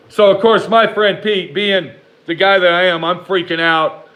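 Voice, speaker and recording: A man with a fairly high voice tells a long personal story straight to his viewers. He curses freely, drifts off track and snaps back at imagined haters. His pace swings between slow, heavy emphasis and fast, tumbling asides. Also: a bit bright, rough recording. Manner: profane, rambling, talks back to imagined haters. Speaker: vlogger telling a personal story. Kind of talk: casual storytelling to camera.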